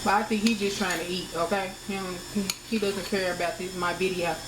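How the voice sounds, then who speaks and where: Chatty woman in an echoey kitchen. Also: fairly low pitch. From United States. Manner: chatty, addresses viewers as y'all. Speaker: cooking vlogger. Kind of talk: casual cooking vlog. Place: home kitchen. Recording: echoey kitchen with background noise.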